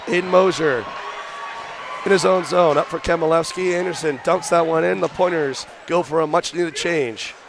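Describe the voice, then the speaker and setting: A young man doing radio play-by-play for a college hockey game, rattling off rapid calls that rise into shouts on shots. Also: fairly high pitch, vocal fry, background noise. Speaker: play-by-play announcer. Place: arena broadcast booth.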